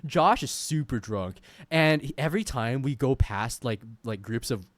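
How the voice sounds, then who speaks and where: A man's voice: mid-range voice, animated, normal speed, a little hiss or hum. A young man casually telling a rambling story as a streamer, full of fillers, laughing as he goes.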